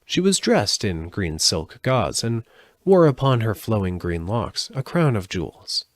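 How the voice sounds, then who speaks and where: A man reading a storybook aloud live, expressive, with occasional slips and restarts. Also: fairly low pitch, measured pace, no echo. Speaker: audiobook reader.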